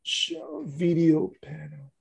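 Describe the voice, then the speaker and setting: A man runs a teacher-training workshop over a video call. He speaks slowly, and his voice is a little husky. He keeps checking in with his listeners by saying "okay" and "all right" again and again. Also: fairly high pitch, very animated. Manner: repetitive, encouraging, with frequent "all right" and "okay". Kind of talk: online teacher-training session.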